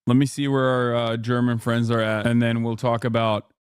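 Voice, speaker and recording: A man hosting a livestream, talking casually and haltingly with lots of fillers. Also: mid-range voice, completely flat delivery, smooth, no echo, studio quality. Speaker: streamer host.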